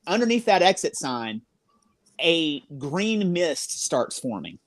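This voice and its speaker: Paranormal investigator, mid pitch, rambling filler-heavy story, dry close sound. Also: big pitch swings, takes it slowly, no echo. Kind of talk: casual storytelling in a group interview.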